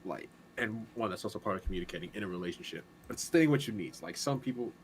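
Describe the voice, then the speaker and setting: A man with a fairly low voice chatting on a talk show. He explains things calmly and works through everyday examples. Faint noise sits under his voice. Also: quick pace, low-quality recording. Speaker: podcast co-host. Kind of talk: casual chat.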